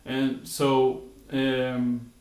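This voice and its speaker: A man with a medium-pitched, darkish voice speaks in a monotone, drawing out his words, in an echoey room. As a music teacher, he patiently explains rhythm syllables step by step and sings them as demonstrations, with frequent "uh"s and "okay?" check-ins.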